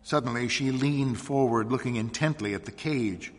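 A man narrating a story aloud in a measured, hushed reading voice. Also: medium pitch, long reverb tail.

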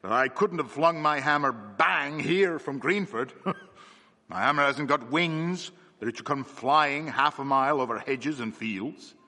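A man voicing a big, strong blacksmith who talks loudly and boastfully, in a reverberant space. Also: mid-range voice, a little slow. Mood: hearty. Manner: loud, boastful, hearty. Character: big strong male blacksmith, loud, confident. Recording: long reverb.

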